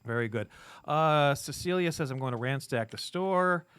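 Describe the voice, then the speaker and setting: A man's voice: a little high, lively intonation, normal speed, a bit bright, clean tone, dry recording. A man hosting a casual podcast in a comic shop, teasing his co-hosts and reading out viewer comments. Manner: joking, teasing. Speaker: podcast host. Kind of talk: casual chat.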